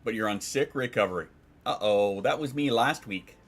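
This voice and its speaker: A man's voice: medium pitch, normal speed, fairly bright tone, faint music behind. A man streaming from home, chatting casually and rambling, swearing and reading out chat messages.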